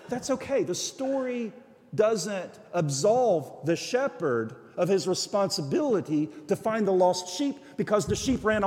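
A man preaching a sermon as a guest speaker, telling stories and acting out the voices of the people in them. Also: high-pitched. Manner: animated storytelling, acting out quoted voices. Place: church sanctuary. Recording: long church reverb.

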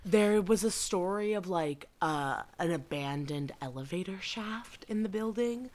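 A woman's voice: fairly low pitch, lively intonation, a little slow, a little mellow. A woman in her twenties, a podcast co-host, telling stories in a loose, casual way and swearing freely. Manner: loose, profane storytelling. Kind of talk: casual chat.

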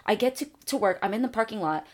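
A young adult woman co-hosting a podcast, telling a long story in casual chat, animated and full of fillers, acting out her own thoughts. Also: medium pitch, quick pace. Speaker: podcast co-host.

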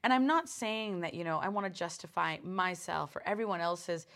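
A woman hosting her own podcast, telling a personal story in a casual, animated way, with lots of swearing, fillers and restarts. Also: fairly low pitch, moderate pace. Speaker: podcast host.

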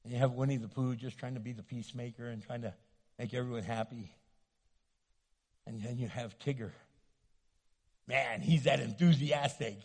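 A man preaching a sermon as pastor, loud and animated, joking and acting out little scenes. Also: mid-range voice, normal speed, long pauses, slightly rough, long reverb tail. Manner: loud, animated, playful with acted asides. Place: church sanctuary.

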